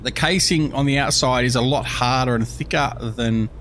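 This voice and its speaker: A man's voice: mid-range voice, normal speed, a bit bright, a little hiss or hum. An Australian man hosting a livestream, rambling and joking as he reads out chat messages. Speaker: livestream host.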